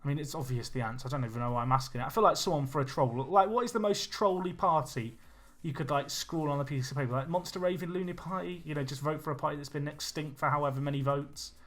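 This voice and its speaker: A young man chatting with his viewers while he plays, excitable and casual. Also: a little high, fast talker. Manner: chatty, excitable, talks to chat. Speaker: streamer. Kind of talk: live game commentary and chat. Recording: faint music behind.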